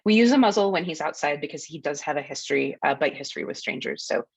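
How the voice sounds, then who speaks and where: A woman's voice: deep voice, lively intonation, fast talker, gravelly, slightly rough, no echo. A woman dog trainer giving a workshop, explaining video clips in a friendly, casual way. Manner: friendly, explanatory, narrates clips with ums and laughs. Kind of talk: educational webinar talk over video clips.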